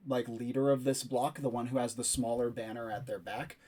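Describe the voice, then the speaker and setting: A man running a tabletop game as game master, describing scenes in a measured way with fillers. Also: medium pitch, level tone, a little mellow.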